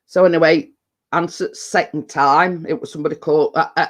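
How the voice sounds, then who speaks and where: With a low, steady voice and a slightly fast pace, this middle-aged vlogger rambles through casual stories. Her talk is packed with fillers, and she often starts over.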